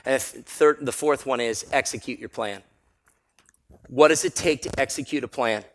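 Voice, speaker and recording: A man giving a live motivational talk at a seminar, energetic and storytelling, often laughing. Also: medium pitch, moderate pace. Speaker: motivational speaker. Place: seminar room with audience.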